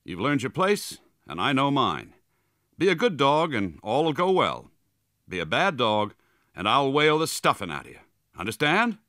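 A shrewd, hard-handed dog breaker, as a male storyteller puts him on, jovial and threatening at once in a lifted, louder voice that swings widely. His bright, forceful tone sits in a dry, close recording. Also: a little high, sing-song, brisk, no echo, pitched above the performer's own voice, full character voice. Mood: genial.

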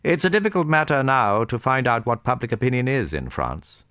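A man's voice: medium pitch, wildly swooping pitch, brisk, fairly bright tone, dry recording, clean studio sound, voice pushed up. A man voicing an opinionated male guest who speaks emphatically and indignantly in an audiobook reading.

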